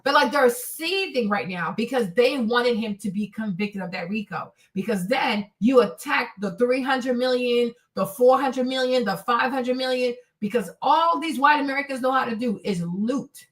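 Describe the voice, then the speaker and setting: A woman's voice: fairly high pitch, moderate pace, hardly any pauses, far from the mic. A woman hosting a live stream, giving emphatic ranting commentary and repeating points for effect. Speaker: streamer host.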